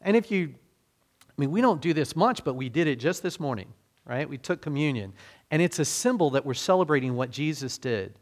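A man preaching a sermon in a relaxed, conversational way, with frequent fillers and restarts. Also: on the high side, a little fast. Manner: conversational, self-deprecating, many fillers and restarts. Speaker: pastor.

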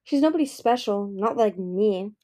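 A woman's voice: mid-range voice, animated, normal speed, dark tone, natural voice. A woman doing a spoiled bossy young dragoness. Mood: scornful. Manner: dismissive and scornful.

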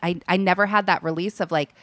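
Young woman guest, lowish smooth voice, dry close mic, chatty with lots of likes. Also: steady tone, fast talker, a bit bright, dry recording. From Alaska. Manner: chatty, laughs often, many likes and restarts. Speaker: podcast guest, comedy writer. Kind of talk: casual chat.

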